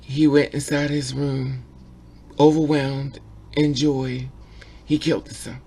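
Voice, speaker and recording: A man's voice: medium pitch, flat delivery, slow pace, dark tone, breathy edge. A man giving an emotional opinion vlog about a documentary, repeating himself and stammering when upset. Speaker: vlogger reviewing a documentary.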